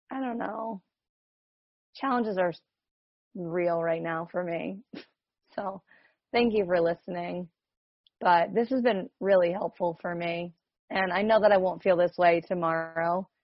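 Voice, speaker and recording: A woman's voice: mid-range voice, no room sound, lo-fi sound. A woman from New Jersey, a coach, rambling and questioning herself as she shares on a group video call. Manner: rambling and self-questioning, many "like"s, laughs often.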